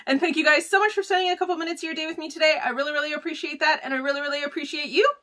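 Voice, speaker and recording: A woman vlogger chatting casually through a beauty box unboxing, gushing and excitable, full of "like" and "oh my gosh.". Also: sits high, very fast. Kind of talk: casual unboxing chat to camera.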